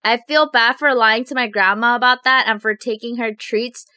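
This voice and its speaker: A woman vlogger chats casually as she tells viewer confessions, animated and quick to giggle. Her voice is bright and fairly high, with a clean, crisp tone. It is recorded dry and close to the mic. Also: dry recording. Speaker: mukbang vlogger.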